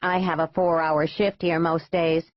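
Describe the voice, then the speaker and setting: A tart older woman behind a shop counter, played by a woman narrator, blunt and falsely sweet with a dry edge. Her voice runs low. The sound is dull and dry, like a lo-fi audiobook. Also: little pitch movement, unhurried, no echo.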